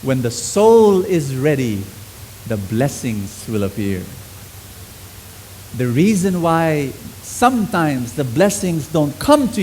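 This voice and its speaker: A middle-aged man preaching a sermon to a congregation, swinging between loud exclamations and soft, low lines. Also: a little hiss or hum, poor audio.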